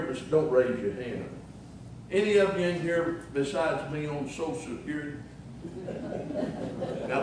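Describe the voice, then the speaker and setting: A man's voice: mid-range voice, darkish tone, heavy reverb, recorded from a distance, a little hiss or hum, low-quality recording. An older man preaching a sermon in a folksy way, chuckling at his own jokes between scripture quotes.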